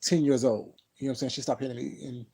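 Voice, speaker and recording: Gravelly man telling a story, rambling. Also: mid-range voice, steady tone, fast, mellow, low-quality recording. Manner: rambling, emphatic, frequent fillers like "you know what I'm saying". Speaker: vlogger. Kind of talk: casual storytelling to camera.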